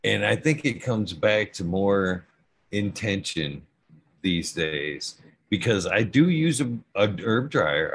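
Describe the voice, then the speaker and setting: A middle-aged man talking casually about growing, rambling and stuttering, with frequent swearing. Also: lowish voice. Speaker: cannabis grower guest. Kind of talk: casual podcast conversation.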